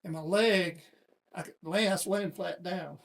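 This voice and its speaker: A man's voice: high-pitched, measured pace, vocal fry. A middle-aged man telling a personal story in a casual, folksy interview. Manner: folksy, plain-spoken storyteller. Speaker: guest.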